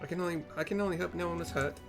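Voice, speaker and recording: A man voicing a calm, well-spoken woman companion in a game story, in a raised voice. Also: low-pitched, brisk, music in the background. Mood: informative.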